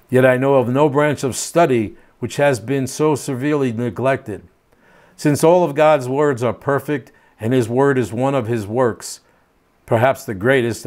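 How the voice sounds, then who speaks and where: A man's voice: medium pitch, a little mellow. An older man teaching a home Bible study, reading scripture aloud and then explaining it in plain, casual asides.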